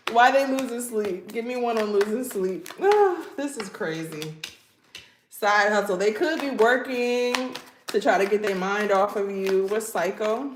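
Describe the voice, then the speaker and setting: A woman's voice: a little high, a little slow. Chatty woman reading tarot in an echoey room. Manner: chatty and playful, talks straight to viewers with asides. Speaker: tarot reader. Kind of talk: casual tarot reading to camera. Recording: echoey room with faint background noise.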